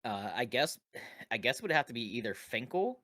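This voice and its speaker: A man's voice: medium pitch, sing-song, normal speed, sharp tone. A man co-hosting a podcast, who is also a dungeon master, chatting loosely about his tabletop characters, swearing and laughing often. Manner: loose and profane, laughing often, rambling with restarts. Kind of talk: casual podcast chat.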